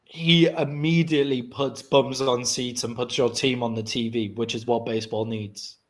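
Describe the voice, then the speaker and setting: A British man co-hosting a podcast, chatting about sports in a relaxed, musing way. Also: mid-range voice, normal speed. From Britain. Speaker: podcast co-host. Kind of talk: casual sports chat.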